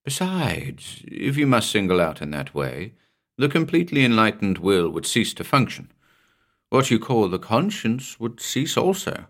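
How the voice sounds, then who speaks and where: A man voicing a slow, gentle, troubled asylum inmate. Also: fairly low pitch, big pitch swings, pitched above the performer's own voice, exaggerated voice. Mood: strained. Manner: feeble and strained, brooding.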